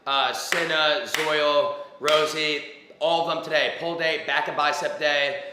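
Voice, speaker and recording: A man's voice: on the high side, steady tone, measured pace, recorded from a distance, background noise. Laid-back young man, echoey, off-mic. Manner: laid-back and rambling, heavy on "like". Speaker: fitness coach. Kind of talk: casual livestream chat.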